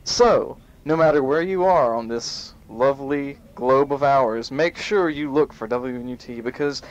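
A man hosting an amateur home-made show, reading a list aloud in a mock-serious way and punching the quoted bits loudly. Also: medium pitch, a little slow. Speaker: host. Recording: muffled home tape with faint hiss.

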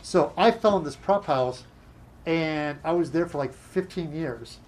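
A middle-aged man telling work stories in a casual chat, animated and acting out other people's lines. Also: a little high. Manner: animated, acts out dialogue in quick bursts. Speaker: guest.

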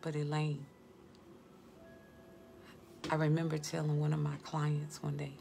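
A woman's voice: low-pitched, monotone, measured pace, vocal fry, dark tone, soft background music. A middle-aged woman, a beautician and instructor, giving a fervent spoken testimony and speaking straight to listeners.

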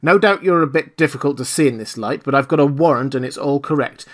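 A man's voice: medium pitch, fast talker, lightly acted. A man reading an audiobook, voicing a stubborn, dutiful village constable.

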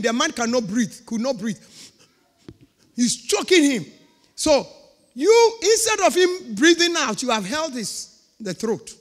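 A woman pastor preaching a sermon with emphatic, repeated phrases. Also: fairly high pitch. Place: church. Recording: long reverb of a church hall.

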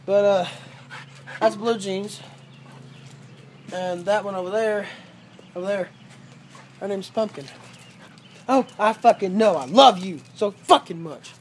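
A vlogger rambling casually at home and in the backyard, swearing constantly, with drawn-out fillers, filmed on a handheld camera. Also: medium pitch, darkish tone, a little hiss or hum. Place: home and backyard, walking around.

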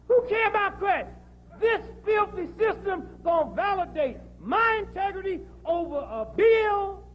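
A man's voice: very high-pitched, highs cut off, slight background noise. A man giving a joking, preachy talk to a live audience, telling stories from his own life. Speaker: speaker. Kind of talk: comic health lecture to an audience.

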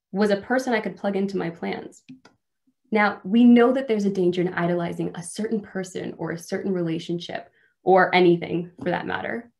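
A woman's voice: medium pitch, a little mellow. A woman giving a sermon at a church, telling stories in a conversational way with self-deprecating humor. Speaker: guest speaker at a church service. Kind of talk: sermon with storytelling.

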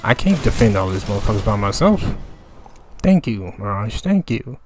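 A man's voice: lowish voice, very animated, moderate pace, darkish tone, slight background noise. A young man giving profane, exasperated commentary over his gameplay, ranting about his teammates. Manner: exasperated, ranting, heavy swearing. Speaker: gaming channel commentator.

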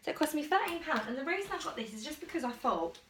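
A woman's voice: sits high, sing-song, fast, fairly bright tone, a little hiss or hum. A woman vlogging casually at home in a chatty, rambling, enthusiastic way while trying on clothes. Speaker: fashion vlogger. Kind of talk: casual try-on haul chat. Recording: echoey room, distant mic.

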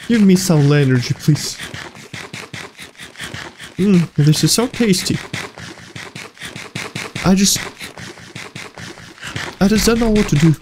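High-pitched guy, slow and jumpy, freaking out at a horror game. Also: background noise. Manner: excitable, yelps and laughs, non-native phrasing. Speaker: gaming YouTuber. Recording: faint music behind.

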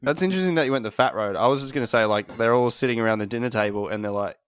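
A man's voice: mid-range voice, clean tone, dry recording, studio quality. A man co-hosting a podcast, rambling and swearing heavily as he jokes. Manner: fast rambling banter, heavy swearing. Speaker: podcast co-host. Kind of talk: casual chat.

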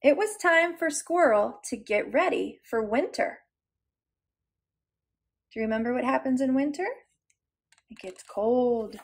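A woman's voice: high voice, unhurried, pauses often. A woman leading a preschool circle time lesson and reading a picture book aloud, encouraging and sounding out letters. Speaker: preschool teacher.

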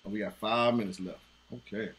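A man's voice: fairly low pitch, fairly even intonation, normal speed, noisy background. A man hosting a casual trivia night over a video call, teasing players and laughing often. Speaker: trivia host. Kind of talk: casual online game hosting. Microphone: video call mic.

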